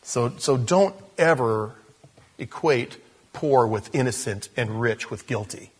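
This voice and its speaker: A man's voice: medium pitch, animated, slow, husky. A man preaching a sermon as pastor in a conversational style, with asides, repeated phrases and self-interruptions.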